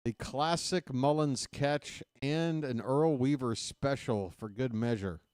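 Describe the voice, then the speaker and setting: Guy hosting a ballgame stream, chatting with the folks after the game, smooth clear voice. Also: mid-range voice, slow pace, a little mellow, no echo, studio quality. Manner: chatty, talks straight to viewers as "folks". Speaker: play-by-play host. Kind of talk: casual post-game livestream chat.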